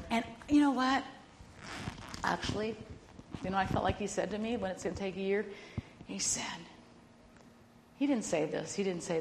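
An older woman co-hosting a Christian talk show, telling stories in a loud, animated way and laughing often. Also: mid-range voice, a little hiss or hum. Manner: loud and bossy by her own account. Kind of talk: casual faith-based chat.

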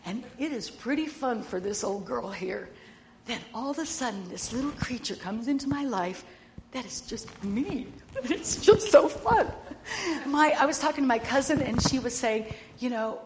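An older woman co-hosting a Christian talk show, telling stories in a loud, animated way and laughing often. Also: a little high, moderate pace, slight background noise. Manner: loud and bossy by her own account. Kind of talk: casual faith-based chat.

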